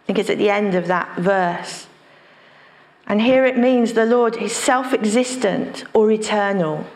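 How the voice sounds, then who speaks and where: A woman pastor delivering a sermon at an unhurried pace. She stresses her points by repeating key phrases. Her voice rings in a roomy, echoing space. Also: mid-range voice, a little mellow.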